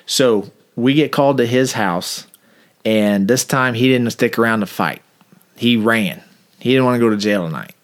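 A former police officer telling a funny story in a wry, conversational manner. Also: male voice, mid-range voice, normal speed. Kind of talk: anecdotal interview storytelling.

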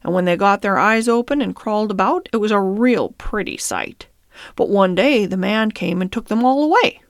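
A woman's voice: medium pitch, animated, moderate pace, no room sound, clean studio sound, lightly acted. A woman voicing a fiery old male horse in a storybook reading, speaking indignantly. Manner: indignant, protesting.

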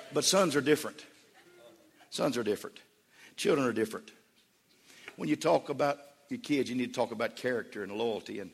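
A man's voice: mid-range voice, vocal fry. A man pastor preaching a sermon in a church, emphatic and repetitive. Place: church sanctuary. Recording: long church reverb.

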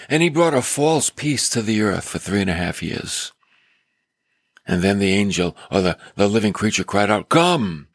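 Male preacher, deliberate delivery, slightly husky, emphatic sermon. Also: no room sound. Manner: emphatic, with dramatic swings in pitch. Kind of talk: sermon on scripture.

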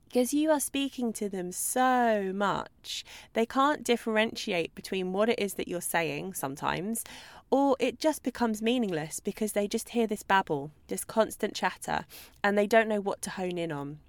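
A woman hosting a solo podcast as a dog trainer, talking in a chatty, lively way and acting out examples. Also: medium pitch, moderate pace, no room sound. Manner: chatty, animated, acts out babbling owner voices.

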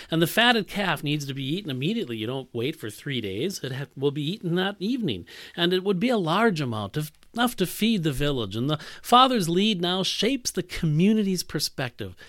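Animated male preacher, lively pitch. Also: no room sound, studio quality. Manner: animated, emphatic, often trails off softly. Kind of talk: expository sermon on a Bible passage.

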